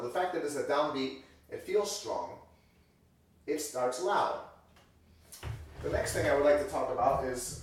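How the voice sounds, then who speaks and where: A man giving a piano lesson in a loose, conversational way, correcting himself as he goes and acting out example sentences. His voice sits at a middle pitch and sounds far from the mic, with the heavy echo of a large room. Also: slight background noise. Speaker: music teacher. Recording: very echoey room, voice distant from mic.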